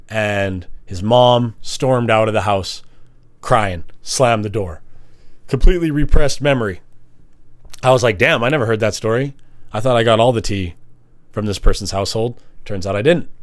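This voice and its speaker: A vlogger speaks casually to the camera in a smooth, medium-pitched voice, recorded dry. He tells personal stories in an animated way, acting out the voices of the people he quotes.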